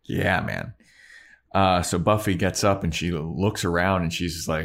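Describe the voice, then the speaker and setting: A man's voice: low-pitched, a little slow, vocal fry, fairly bright tone. A man co-hosting a podcast, recapping an episode in breezy, profane casual chat. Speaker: podcast co-host.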